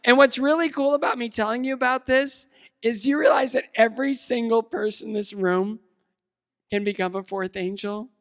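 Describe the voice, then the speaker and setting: A man's voice: very high-pitched, fairly even intonation, normal speed. Casual joking man in reverberant hall. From United States. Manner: casual, self-deprecating humor with fillers and restarts. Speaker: keynote speaker. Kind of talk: motivational talk. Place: large event hall.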